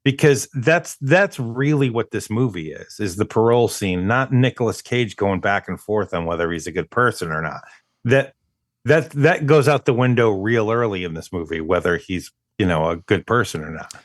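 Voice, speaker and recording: Animated, stammering podcast co-host man. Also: lowish voice, moderate pace, no room sound, studio quality. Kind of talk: casual movie review chat.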